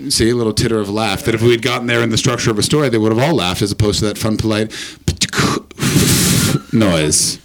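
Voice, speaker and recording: A man's voice: fairly low pitch, brisk. A man hosting a live comedy podcast, joking crudely and teasing the audience. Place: live show venue with an audience.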